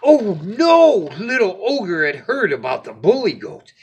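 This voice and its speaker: A man with a high, lively, bright voice reads a bedtime story slowly. His tone is slightly husky and playful. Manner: animated, playful.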